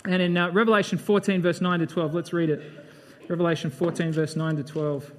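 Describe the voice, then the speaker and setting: A man's voice: fairly high pitch, flat delivery, a little fast. A man giving a conversational Bible sermon, breaking off from the reading to comment in a chatty, reflective way. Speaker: preacher.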